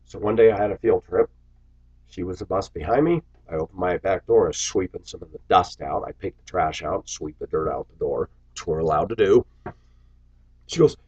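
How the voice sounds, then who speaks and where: A man's voice: sits low, a little mellow, breathy edge, highs cut off. A man vlogging to his viewers in a bitter, sarcastic, preachy rant. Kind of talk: ranting to camera.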